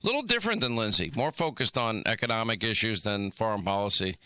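A man hosting a call-in radio talk show, talking quickly with stammering restarts. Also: on the low side, lively intonation, bright, forceful tone, clear, resonant tone. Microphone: studio microphone.

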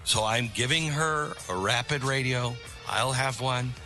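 A man's voice: medium pitch, measured pace, sharp tone, faint music behind. A middle-aged man hosting a talk radio show, speaking in a conversational, rambling way with sarcastic asides. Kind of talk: talk radio monologue with live ad read.

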